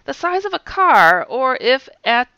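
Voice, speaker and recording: Female host, reads reports with wry asides; bright, gravelly edges, dull lo-fi sound. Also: sits high, big pitch swings, measured pace, no echo. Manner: wry, chatty asides between readings, laughs often. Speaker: news show host. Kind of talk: reading sighting reports with asides.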